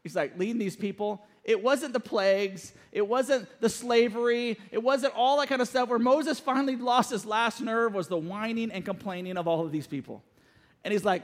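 A man preaching a sermon as pastor, joking and storytelling with lively energy. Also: sits high, moderate pace. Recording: long church hall reverb.

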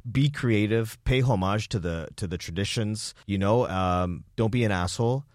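Guest chef, young man from Toronto, lowish voice, dry studio sound, chatty and eager. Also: moderate pace, dry recording. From Toronto, Canada. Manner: enthusiastic, chatty, uses fillers like "you know". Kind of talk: casual interview talk.

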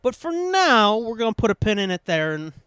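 A man with a high-set voice chats casually as a podcast co-host, swearing often and wandering between thoughts. His voice is close and dry, with no room sound. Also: very animated, fairly quick, fairly bright tone, clear, resonant tone, dry recording. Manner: profane, rambling, reads sponsor list. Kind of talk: casual chat.

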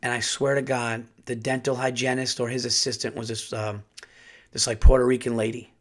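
A man's voice: medium pitch, flat delivery, brisk. Rambling, profane man telling a story. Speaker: podcast host and comedian. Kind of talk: casual storytelling.

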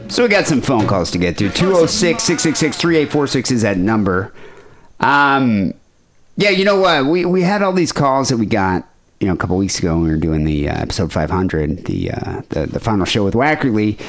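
A man's voice: on the low side, very animated, fairly quick, soft background music. A man hosting a podcast, joking and rambling in casual banter. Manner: rambling, joking, lots of fillers. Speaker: podcast host.

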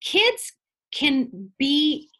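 A woman in her forties, a guest in a conversational interview, explaining ideas in a playful, animated way and laughing often. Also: sits high, extremely slow.

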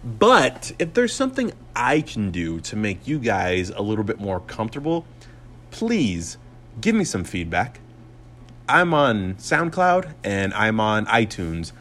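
A man's voice: lowish voice, wildly swooping pitch, unhurried, fairly bright tone, slight background noise. A man in his twenties hosting his own podcast, talking in a profane, sarcastic, rambling rant full of fillers and restarts. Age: 20s. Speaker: podcast host and comedian.

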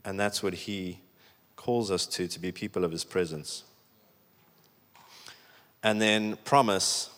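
A low-voiced man preaching a casual, emphatic sermon, peppered with "like." His voice rings out in a large hall with a long reverb tail. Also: slow, pauses often, a bit bright. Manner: conversational, emphatic preaching with many "like"s. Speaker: pastor.

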